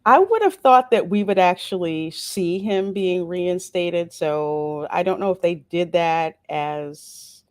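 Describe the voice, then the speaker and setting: Woman host, low-pitched, dry close sound; relaxed, playful chat-style reviewer answering comments. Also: slow pace, few pauses, no echo. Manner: chatty, reads viewer comments aloud and answers them; relaxed and playful, with frequent asides. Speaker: host of a show review channel. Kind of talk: casual solo livestream review.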